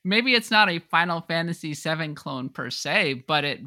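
A podcast co-host in a casual chat, giving wry, measured opinions. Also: medium pitch, lively intonation, bright, forceful tone.

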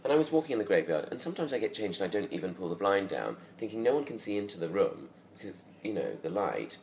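A man's voice: low-pitched, big pitch swings, fast talker, gravelly, darkish tone, slight background noise. A man co-hosting a podcast in casual chat, dry and self-mocking, recorded in an echoey bedroom. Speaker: podcast co-host. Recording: echoey room, faint ambience.

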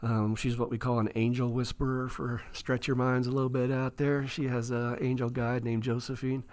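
Animated man telling a story. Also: mid-range voice, moderate pace. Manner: animated, acts out quoted dialogue. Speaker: author and guest. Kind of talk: casual interview storytelling. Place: studio.

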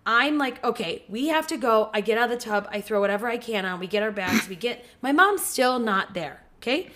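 A woman in her thirties tells a story in a casual chat. Her voice sits a little on the high side. She swears freely and throws herself into acting out everyone else's lines. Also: brisk. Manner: profane, animated, acts out quoted voices.

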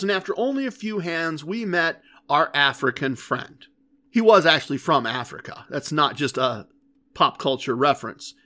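A man's voice: a little high, fairly bright tone. A man hosting a podcast, telling a story in a chatty, wry way and laughing at himself. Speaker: podcast host.

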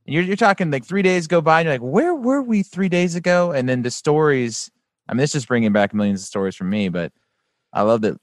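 A man co-hosting a podcast reminisces about old times with enthusiasm. His voice is mid-pitched and recorded close and dry, with no room sound. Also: fast, no echo. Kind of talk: casual chat.

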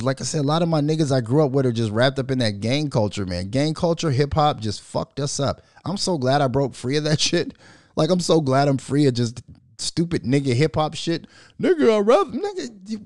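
A man's voice: fairly high pitch, darkish tone, no echo, studio quality. A middle-aged man hosting a show, giving a casual, profane, rambling commentary monologue with frequent restarts. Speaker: show host.

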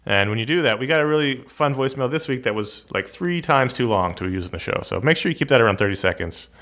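A man's voice: mid-range voice, expressive, fast, fairly bright tone. A man co-hosting a podcast, chatting casually and rambling with restarts. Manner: self-deprecating, rambling with restarts. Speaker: podcast co-host. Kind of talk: casual chat.

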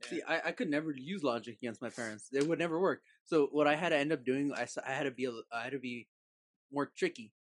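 A man's voice: medium pitch, quick pace. A man in a casual chat, joking and swearing freely. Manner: profane, joking.

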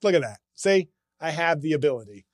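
A man's voice: on the high side, lively intonation, brisk, dry recording, clean studio sound. A man hosting a casual comedy podcast, talking in a sarcastic, ranting, self-mocking way.

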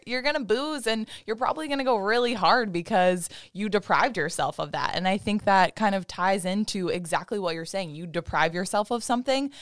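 A woman's voice: medium pitch, fairly bright tone, clear, resonant tone, no room sound, clean studio sound. A young woman co-hosting a fitness podcast in casual chat, bubbly, laughing often and stumbling over repeated words. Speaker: podcast co-host.

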